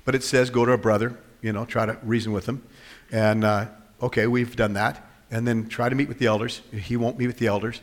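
A man preaching to his congregation, his voice sitting in a mid range. He keeps shifting between forceful bursts and hushed asides, acting out the quotes as he goes. His words hang in the long reverb of a church hall. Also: mid-range voice, brisk. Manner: animated, swings from loud to soft, acts out quotes. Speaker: pastor. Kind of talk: sermon.

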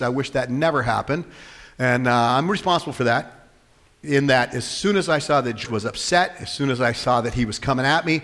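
A man preaching a sermon as pastor, animated, swinging between loud and soft and acting out the quotes he tells. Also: medium pitch. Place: church hall. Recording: long hall reverb.

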